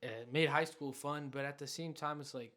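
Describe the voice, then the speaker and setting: A man who is a podcast guest, talking in a relaxed, laid-back way in a casual chat. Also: on the high side, moderate pace.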